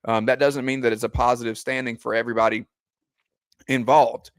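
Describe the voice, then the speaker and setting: Measured man hosting a sports podcast. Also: mid-range voice, level tone, no room sound. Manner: measured, steering the discussion. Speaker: podcast host. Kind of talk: casual sports talk.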